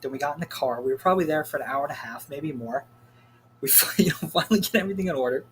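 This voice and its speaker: A man's voice: a little high, rapid-fire, fairly bright tone, slight background noise. A young man telling a story in a rambling, casual rant, full of swearing and filler words. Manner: rambling, profane, heavy on "like" fillers. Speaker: vlogger.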